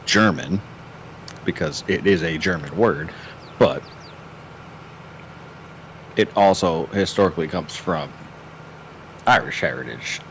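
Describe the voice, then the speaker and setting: Deep-voiced man in casual chat. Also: a little hiss or hum.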